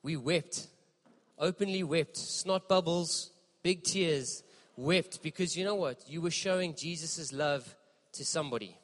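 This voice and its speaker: A man preaching a sermon in a church, impassioned and emphatic, with dramatic pauses. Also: a little high, long reverb tail. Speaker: pastor.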